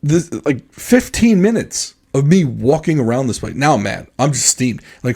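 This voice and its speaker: Gravelly man telling a lively story. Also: mid-range voice, normal speed, hardly any pauses. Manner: animated, acts out quoted dialogue. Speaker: podcast co-host. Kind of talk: casual storytelling chat.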